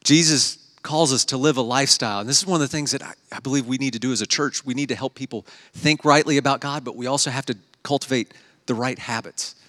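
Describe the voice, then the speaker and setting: A man's voice: medium pitch, quick pace, bright, forceful tone. A young adult man preaching a conversational sermon as pastor, telling stories and acting out quotes. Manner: conversational, storytelling with acted quotes. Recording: long hall reverb.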